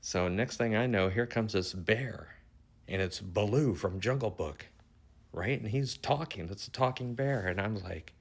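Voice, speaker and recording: A man's voice: lowish voice, a little slow. A middle-aged man casually retelling a strange dream, rambling and swearing freely as he goes. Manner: rambling, swears freely, grows more excited toward the end. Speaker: dream storyteller.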